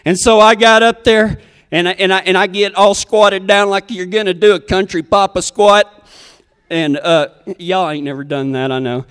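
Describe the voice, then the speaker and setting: A man's voice: high-pitched, steady tone, moderate pace, a bit bright, smooth, big-room sound. A man telling a comic story in a folksy, rambling, self-deprecating way.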